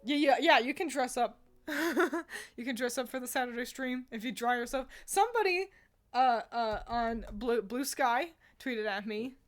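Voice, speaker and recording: A fairly high-voiced woman chats on her livestream, answering viewers in a rambling, easygoing way. She giggles often between thoughts. Soft music plays faintly behind her. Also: normal speed. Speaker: streamer.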